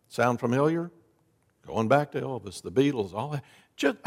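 Lively preaching man in a reverberant hall. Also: normal speed, long pauses, slightly rough. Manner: dramatic preacher, lively rises and drops in pitch and volume. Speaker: pastor. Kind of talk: sermon. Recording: long reverb of a large hall.

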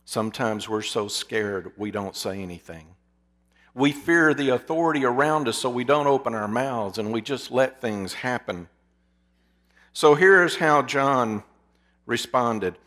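Dramatic preacher man, hushed asides. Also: mid-range voice, lively intonation, unhurried. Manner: dramatic, poses rhetorical questions to listeners; drops to a hushed voice for emphasis. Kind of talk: sermon.

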